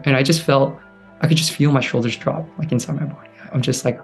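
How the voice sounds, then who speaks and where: A young man earnestly telling a personal story, quick and full of "like". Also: medium pitch, faint music behind. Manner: fast, earnest, heavy on "like".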